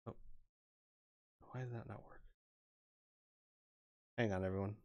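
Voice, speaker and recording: A man's voice: lowish voice, steady tone, a little slow, no room sound, dull audio. A man running an online tabletop game as game master, thinking aloud in a casual way while he works out rules and dice rolls.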